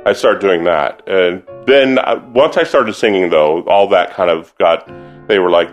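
A fairly low-voiced man from the American South talks casually as an interview guest. He tells his stories in a rambling, chatty way with frequent restarts, the way an opera singer talks offstage. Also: moderate pace, faint music behind. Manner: chatty, laughing storyteller with many restarts.

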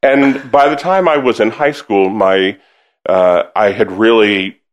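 Casting: male musician, middle-aged, animated storyteller, slightly low voice, laughs often. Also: measured pace, dull audio. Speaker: singer and musician, interview guest. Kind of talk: casual storytelling interview.

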